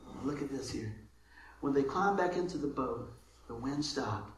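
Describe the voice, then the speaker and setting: A man preaching a sermon as pastor, lively, moving between loud calls and soft asides. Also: mid-range voice, moderate pace. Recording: very echoey room with faint noise.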